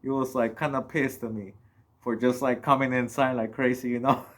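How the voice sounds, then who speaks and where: A man's voice: mid-range voice, flat delivery, normal speed, a little hiss or hum. A young man from Mexico casually telling a personal story on his vlog, rambling and full of filler words. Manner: rambling, heavy on "you know" and "like" fillers. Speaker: vlogger.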